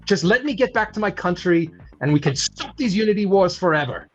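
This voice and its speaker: A man voicing a desperate, defiant female enemy agent in a tabletop game, shouting her pleas. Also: on the high side, expressive, normal speed, husky, lo-fi sound, faint music behind, voice pushed up. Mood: furious pleading.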